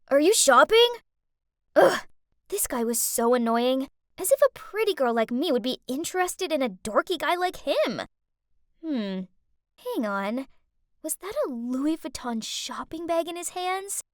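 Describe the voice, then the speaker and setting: A young woman narrating an animated story in the first person, in an expressive, dramatic, teenage-sounding way. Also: high voice, no room sound, clean studio sound.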